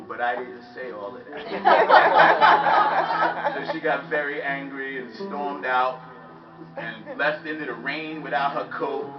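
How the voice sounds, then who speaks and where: A man's voice: medium pitch, big pitch swings, slow, reverberant, over music. A man performing spoken word, telling a casual story to a live audience. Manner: conversational, loud when acting out shouts. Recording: lo-fi live recording from a distance.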